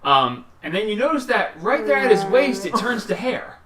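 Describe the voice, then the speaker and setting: A man's voice: sits high, very animated, normal speed, crowd noise. A man running a tabletop game as game master, describing the scene in a rambling way with many fillers.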